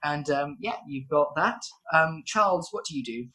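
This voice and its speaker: Low-voiced woman running a tabletop game. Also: expressive, moderate pace, bright, forceful tone. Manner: rambling, lots of fillers and giggles. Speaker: game master.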